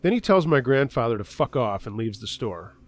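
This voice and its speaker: A man's voice: mid-range voice, big pitch swings, moderate pace. A man narrating a true scary story in a conversational first-person way.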